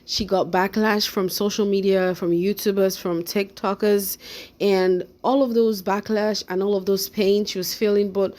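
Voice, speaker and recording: A woman recaps and reacts to a documentary in a chatty, opinionated way, calling things out and turning to her viewers as she goes. Her voice sits at an ordinary middle pitch. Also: fairly even intonation, normal speed, a little mellow. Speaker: commentary YouTuber. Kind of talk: reaction commentary.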